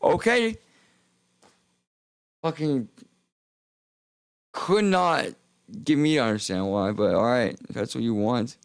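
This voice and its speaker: A young man streaming a rambling, profane monologue with heavy vocal fry, often stopping and restarting mid-sentence. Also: medium pitch, unhurried, pauses often, no room sound. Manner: rambling, profane, self-interrupting.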